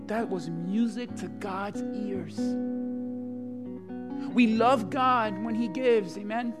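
A pastor preaching a sermon at a church service, swinging from hushed, tender passages to loud, passionate appeals and calling out to the congregation. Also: mid-range voice, takes it slowly, pauses often. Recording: live sermon with guitar playing underneath. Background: soft guitar music.

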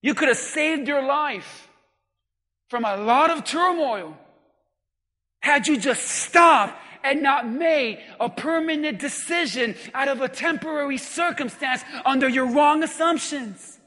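Preacher man yelling his sermon, high bright voice, slow and drawn out, lots of hall echo. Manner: emphatic, shouting, calls on the congregation. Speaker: pastor.

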